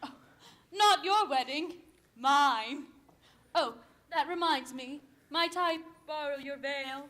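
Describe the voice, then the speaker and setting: A woman's voice: high-pitched, slow, sharp tone, heavily acted. A young woman in a school musical playing a droll, tipsy chaperone who speaks languidly. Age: young adult. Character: tipsy, drowsy older female chaperone. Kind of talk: high school musical stage acting.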